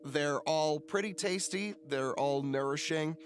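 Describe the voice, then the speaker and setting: A man's voice: on the high side, a little slow, a little hiss or hum. A man narrating a tabletop game as game master, casual and swearing freely.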